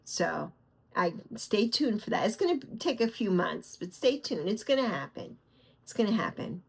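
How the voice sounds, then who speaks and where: A woman's voice: mid-range voice, lively intonation, normal speed, creaky, husky. A middle-aged woman from the Bronx with a New York accent, rambling affectionately to her viewers from her bed in a casual vlog. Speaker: vlog host. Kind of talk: casual chat. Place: lying back on her bed at home.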